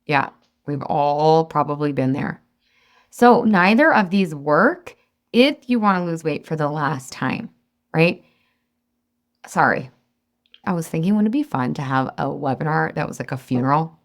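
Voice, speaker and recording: A woman's voice: sits low, expressive, a little slow. A woman in her thirties coaching a webinar audience on weight loss, chatty and encouraging, sometimes acting out her own inner voice.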